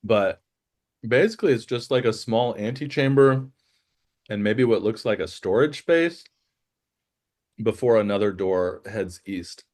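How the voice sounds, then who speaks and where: Slow, easygoing male game master. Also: on the low side, darkish tone. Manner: casual, loose, full of fillers. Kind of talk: narrating a tabletop game.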